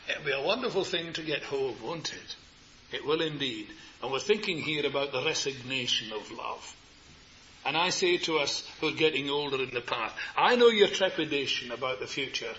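An older man preaching a sermon, tender and earnest, repeating his phrases and moving between soft words and raised ones. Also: fairly high pitch, lively intonation, normal speed. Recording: muffled lo-fi sermon recording with faint hiss.

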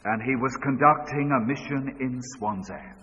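A man preaching a sermon, moving between loud urgent calls and hushed storytelling. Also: mid-range voice, normal speed, slight background noise. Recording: dull sound with long hall reverb.

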